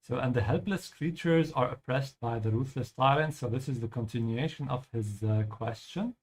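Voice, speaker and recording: Male language teacher, patient, explanatory, frequent check-ins, mid-pitched voice. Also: normal speed. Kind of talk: explaining vocabulary over gameplay.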